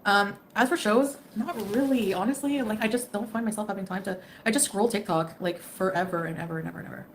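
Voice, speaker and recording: A woman's voice: medium pitch, quick pace, a little hiss or hum. A woman chatting casually on a live stream, giggling and rambling while greeting viewers by name. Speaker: livestreamer.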